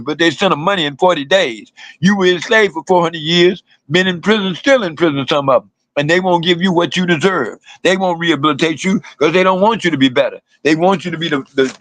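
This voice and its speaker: A man's voice: on the high side, a bit bright, no echo, poor audio. An older man, delivering fiery, blunt political commentary as a radio host and repeating slogans for emphasis.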